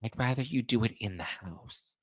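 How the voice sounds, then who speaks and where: A man's voice: medium pitch, lively intonation, normal speed, no room sound, natural voice. A man voicing a doting, permissive middle-aged mother who talks in a sweet, coaxing way.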